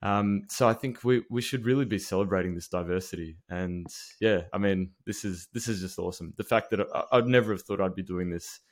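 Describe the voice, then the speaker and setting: A man hosting a podcast, talking in an earnest, casual way with many halting restarts. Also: deep voice. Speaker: podcast host. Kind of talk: casual interview chat.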